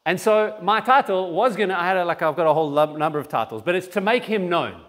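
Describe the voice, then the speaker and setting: A man's voice: sits high, lively intonation, quick pace, a bit bright. A man preaching a sermon in church and giving announcements, talking conversationally with frequent restarts. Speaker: pastor.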